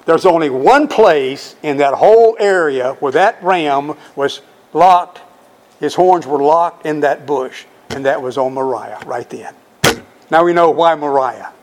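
Slow, emphatic male preacher. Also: fairly high pitch. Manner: emphatic, drawn-out stresses on key words; reads scripture aloud, then explains it. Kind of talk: sermon.

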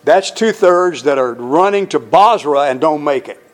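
Guy teaching bible verses, fairly high voice, punchy and chatty, keeps quizzing the room. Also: lively intonation, moderate pace. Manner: emphatic, conversational, quizzes listeners.

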